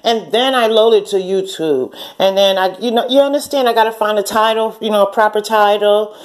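A woman's voice: medium pitch, fairly quick. A woman in her forties telling a story in a casual rant, blunt and profane, often laughing and acting out what people said. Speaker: channel host.

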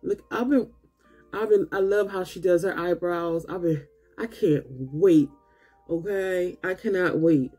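A woman with a husky, slightly breathy voice unboxing makeup for her viewers, speaking. She talks slowly and sounds tired and drained, yet keeps gushing with excitement. Soft music plays faintly behind her. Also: fairly low pitch. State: tired and low on energy. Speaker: beauty vlogger. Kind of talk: casual unboxing chat.

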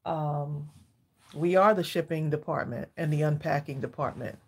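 A woman chats with her live-stream viewers from a home craft room. Her voice is low and a little husky, and she sounds slightly out of breath. She talks casually and calls her audience y'all. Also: normal speed, darkish tone. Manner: chatty, addresses viewers as y'all. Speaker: craft channel host.

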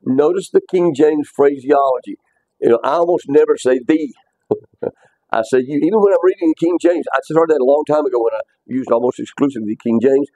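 Male bible teacher in a classroom, mellow tone, dry sound, casual and repetitive. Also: medium pitch, dry recording, rough recording. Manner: conversational, repeats words, quizzes students.

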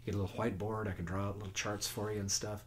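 A man's voice: fairly low pitch, little pitch movement, rapid-fire, a little hiss or hum. A man teaching guitar on a casual webcast, folksy and chatty, counting beats and humming notes as he plays. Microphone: home webcast mic. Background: own guitar playing.

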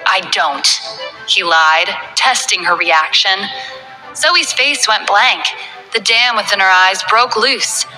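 A woman reading a romance novel aloud in a soft, dramatic storytelling way. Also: a little high, poor audio. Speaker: audiobook narrator. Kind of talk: scripted narration of a romance novel. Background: background music.

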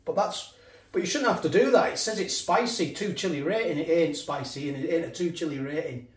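A man's voice: fairly high pitch, fairly quick. A middle-aged man reviewing food in a casual vlog, rambling and repeating himself, sometimes talking with his mouth full. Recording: echoey room.

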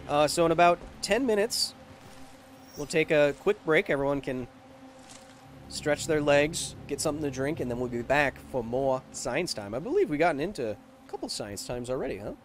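A man's voice: fairly high pitch, expressive, normal speed, a little hiss or hum. A man streaming a video game with casual, rambling commentary and jokey asides. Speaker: gaming streamer.

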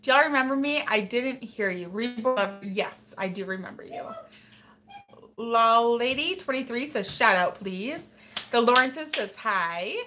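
A woman's voice: a little high, lively intonation, a little slow, music in the background. A woman hosting a casual live stream as a mother, chatting and reading viewer comments while scolding her child. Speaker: host and mother.

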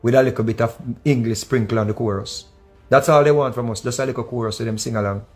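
Animated Jamaican man, faint music behind. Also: mid-range voice, quick pace. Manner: animated, mixes Jamaican patois with English, sings snatches of songs. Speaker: commentator. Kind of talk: casual commentary.

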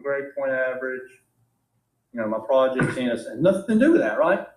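A man's voice: medium pitch, sing-song, moderate pace, a little mellow. A man with a Southern US accent teaching philosophy to a class. He talks conversationally, tossing out questions and checking in with "right?". The classroom sound is roomy and echoey. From Georgia, US. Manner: conversational, keeps asking "right?". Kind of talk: classroom lecture.

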